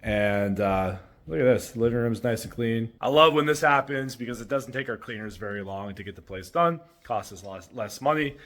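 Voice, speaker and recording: Holding the camera as he moves through rental houses indoors, this vlog host and short-term rental owner talks in an upbeat, chatty manner, thinking aloud. His voice is medium-pitched and slightly bright, at normal speed with few pauses.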